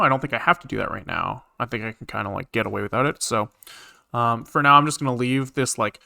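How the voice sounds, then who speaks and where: A man's voice: mid-range voice, bright, forceful tone, clear, resonant tone. A man streaming live coding, rambling casually with lots of fillers and the odd swear as he thinks aloud. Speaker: programming streamer.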